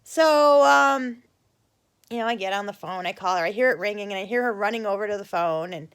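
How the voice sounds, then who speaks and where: A woman's voice: medium pitch, fairly quick, smooth. A middle-aged woman casually telling a childhood story on her vlog, swearing freely and acting out the quoted voices. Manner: animated, swearing, acts out voices in quoted lines. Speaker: vlogger.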